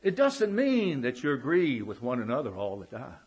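A man's voice: mid-range voice, huge pitch swings, a little mellow, husky. A man preaching a sermon as pastor in a church, emphatic and drawing out key words, calling out for amens. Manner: emphatic, slow drawn-out words, calls out for amens. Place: church sanctuary.

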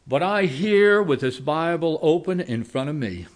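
Expressive and a little high-pitched, a man preaches through a homespun story told in folksy style. He goes from loud and quick to slow and quiet.

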